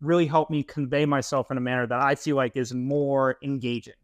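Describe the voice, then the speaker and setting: A man's voice: medium pitch, steady tone, a little fast, no room sound. A young man co-hosting a podcast, answering in a reflective, casual way, often restarting phrases and checking in with "right?". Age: young adult. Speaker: podcast co-host.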